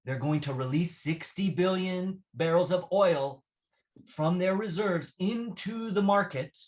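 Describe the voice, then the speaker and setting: A man's voice: sits high, a little slow, darkish tone. A man teaching English vocabulary in a classroom lesson, patient and repetitive, often checking with "right?". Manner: patient, repeats phrases, asks "right?" often.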